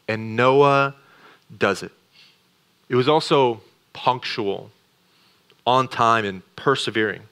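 Earnest male pastor preaching a sermon. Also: medium pitch. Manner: earnest, drops to a hush on key words; swings between quick asides and slow, weighty phrases.

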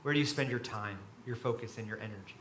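A man preaching a sermon to a room full of listeners, swinging between quiet reflection and loud emphasis as he acts out quoted voices. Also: fairly low pitch, fast, reverberant, a little hiss or hum. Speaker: pastor. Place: large room with an audience.

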